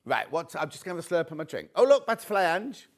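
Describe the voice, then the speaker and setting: A man's voice: fairly high pitch, very animated, fast. Chatty male shopping channel presenter. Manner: chatty, jokey, pushes deals, reads viewer messages. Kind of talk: live sales presentation. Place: TV studio.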